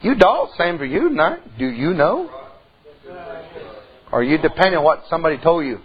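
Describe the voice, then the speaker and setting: A man's voice: fairly high pitch, wildly swooping pitch, normal speed, muffled recording. A middle-aged man, preaching a sermon in a church and telling a personal story in a folksy way. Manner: folksy storytelling preacher, swings from loud to hushed. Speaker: pastor.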